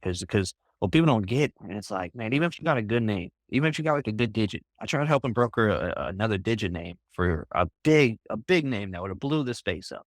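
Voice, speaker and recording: A man's voice: fairly low pitch, expressive, fast, few pauses, no echo, studio quality. Rambling man telling a story on a call. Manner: rambling, full of "like" and "bro", restarts often. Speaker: interview guest. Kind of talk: casual storytelling on a group voice call.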